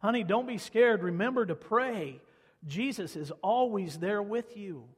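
A man's voice: high-pitched, normal speed, husky, voice pushed up. A man doing a soothing young mother. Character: young mother comforting her son.

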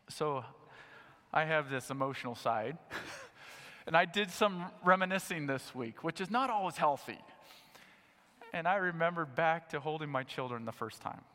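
Man, middle-aged, preaching, high-pitched, bright tone, animated, long hall reverb. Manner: animated, acts out his own reactions in a raised voice. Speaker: pastor. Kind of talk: sermon.

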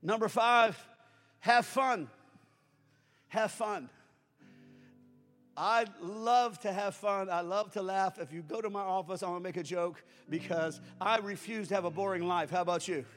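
A man in his sixties, a pastor preaching a sermon that swells into fervent shouting. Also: high voice, normal speed, hardly any pauses. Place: church sanctuary. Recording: reverberant church hall with music.

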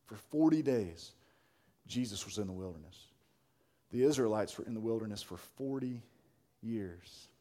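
A male pastor preaching a sermon, casual and colloquial, swinging from hushed talk to shouting. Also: mid-range voice. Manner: colloquial, says "man" and "y'all".

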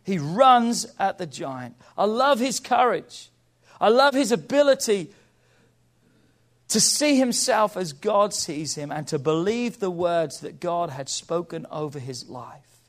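A male pastor preaching a sermon in a high voice for a man. He builds to loud, emphatic peaks and then drops to hushed, low endings, calling on the congregation to answer him along the way. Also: expressive, slow. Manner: impassioned, calls for congregation response.

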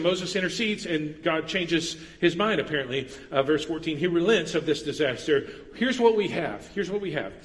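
A man's voice: sits high, long reverb tail. A man preaching an earnest sermon as pastor, stressing points with repetition.

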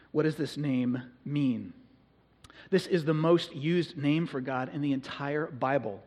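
A man's voice: on the high side, a little mellow. Earnest male pastor in an echoey hall. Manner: earnest, conversational, slows for emphasis. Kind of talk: sermon.

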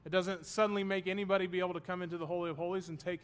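A man's voice: high-pitched, little pitch movement, racing, clear, resonant tone. A man teaching a Bible study class, explaining terms and checking that his students follow, with the odd self-deprecating joke.

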